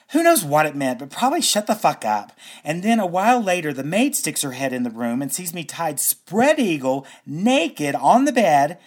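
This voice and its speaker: A naive, rambling young fellow. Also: male voice, on the high side. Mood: indignant. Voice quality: chatty, storytelling. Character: naive, rambling young man telling his tale. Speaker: actor. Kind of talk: radio drama acting.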